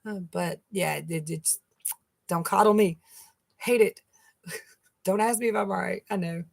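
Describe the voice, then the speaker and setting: Here the North Carolina keto vlogger, a middle-aged woman, speaks a bit slowly in a gravelly, medium-pitched voice. She chats loosely with the people watching her live stream, wandering off topic and laughing frequently.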